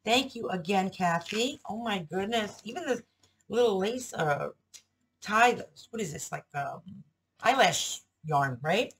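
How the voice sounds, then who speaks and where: A woman's voice: medium pitch, lively intonation, unhurried, fairly bright tone, slightly rough, low-quality recording. A middle-aged woman with a New Jersey accent, host of a journaling channel, chatting casually and gushing as she unpacks a craft order. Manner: gushing, chatty, talks to herself. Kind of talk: casual unboxing chat.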